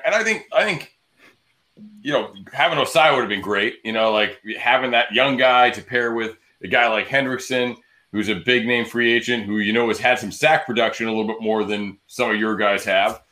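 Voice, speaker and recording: Bright-voiced man rambling about football. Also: lowish voice. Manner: loose and rambling, many restarts. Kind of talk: casual sports podcast chat.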